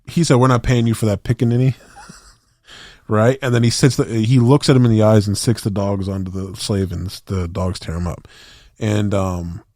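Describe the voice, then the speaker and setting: A man's voice: on the low side, steady tone, normal speed, dark tone, no echo, studio quality. A man co-hosting a podcast in casual chat, rambling through movie scenes and acting out the lines with plenty of swearing. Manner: rambling storyteller, acts out movie quotes, swears. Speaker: podcast co-host.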